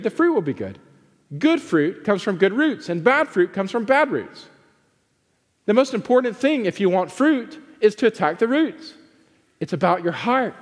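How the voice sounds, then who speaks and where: A man preaching a sermon as a pastor, swinging between forceful emphasis and hushed pleading. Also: high voice, big-room sound.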